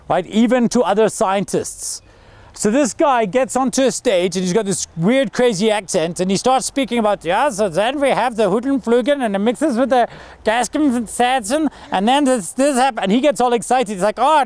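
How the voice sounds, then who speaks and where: A man giving an energetic, story-driven talk to school students and acting out the people he quotes. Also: high-pitched. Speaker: guest speaker. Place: school hall.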